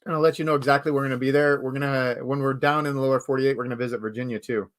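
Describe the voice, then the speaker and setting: Live-show host, male, mid-pitched, chatty and easygoing, laughs often. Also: steady tone, racing. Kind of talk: casual live-stream chat.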